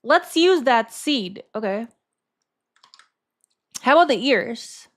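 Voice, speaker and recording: A woman streamer in casual live-stream chat, thinking aloud in a halting way and repeating words as she talks to her chat. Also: on the high side, animated.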